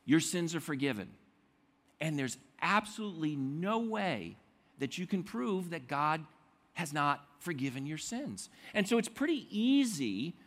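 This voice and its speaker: Husky, animated male preacher. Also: on the high side, measured pace. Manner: animated storytelling with acted-out quotes. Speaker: pastor. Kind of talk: sermon.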